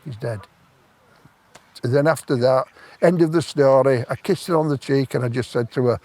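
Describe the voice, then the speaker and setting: With a mid-range, slightly mellow voice at normal speed, a man in his 70s tells a long story about his life. He's a stranger on an outdoor park bench, and his casual telling is plain-spoken and rambling.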